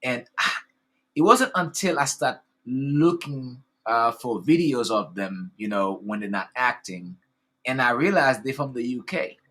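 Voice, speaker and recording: A man's voice: mid-range voice, animated, unhurried, bright, forceful tone. A man hosting an interview, effusive and enthusiastic, rambling with many fillers as he praises his guest. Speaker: podcast host. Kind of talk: casual interview chat.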